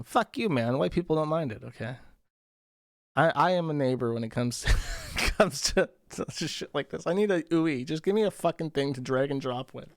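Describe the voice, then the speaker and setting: A man's voice: mid-range voice, no room sound. Sarcastic guy reading donos on stream, swears a lot, dry close sound. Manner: crude, profane and sarcastic; reads viewer messages aloud, then riffs on them. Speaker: streamer reading viewer donations. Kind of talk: casual livestream chat.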